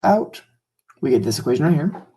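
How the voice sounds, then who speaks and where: A man with a mellow, warm voice explains a calculus problem one step at a time. He talks casually and pauses now and then on a filler. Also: on the high side, very animated, rough recording. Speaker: math tutor.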